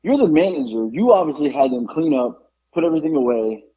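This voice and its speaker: A man hosting a podcast, telling a story in an animated, exasperated way over dull lo-fi audio. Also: fairly high pitch, fairly quick, slightly rough. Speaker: podcast host. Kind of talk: casual chat, storytelling.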